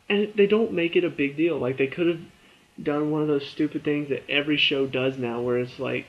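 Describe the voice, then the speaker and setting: A young man reviewing a TV episode in a casual, rambling way, full of fillers and quick asides. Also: on the high side, dull audio.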